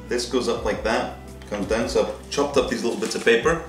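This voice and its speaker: Talking fast with hardly a pause, this animated, medium-pitched man chats through his screen-printing work and adds goofy sound effects as he thinks aloud. He's far from the mic in a roomy space, and music runs underneath.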